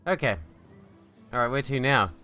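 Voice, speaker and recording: A man talks his way through a video game in casual, swearing, joking commentary. His voice is bright and forceful at a middle pitch, and faint game music plays behind him. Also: normal speed. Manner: profane, joking. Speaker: gaming channel host.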